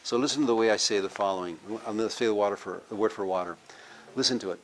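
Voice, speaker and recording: A man's voice: on the low side, quick pace, a little hiss or hum. A man, a university professor, giving a live language lecture, explaining step by step and having the audience repeat words after him. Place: cultural center with a live audience.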